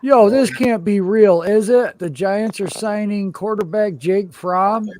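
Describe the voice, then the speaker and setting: A man's voice: high voice, unhurried, darkish tone. A man in casual sports chat, quizzical and asking probing questions.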